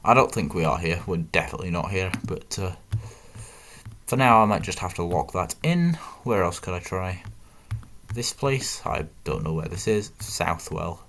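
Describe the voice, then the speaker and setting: A young man from northern England hosts a gaming video, casually commentating on his gameplay, thinking aloud with muttered asides and putting himself down. His voice sits low with lively intonation, at normal speed and a bit bright.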